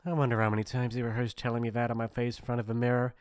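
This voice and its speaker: A man's voice: mid-range voice, little pitch movement, very fast, clean tone, dry recording, studio quality, natural voice. A man voicing a mean, teasing popular bully in an ASMR role-play, mocking and laughing often. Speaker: voice actor.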